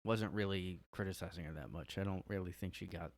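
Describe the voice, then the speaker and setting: A man's voice: deep voice, fairly quick, gravelly. A man hosting a casual solo podcast from his room, rambling and hesitant, full of "like". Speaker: podcast host.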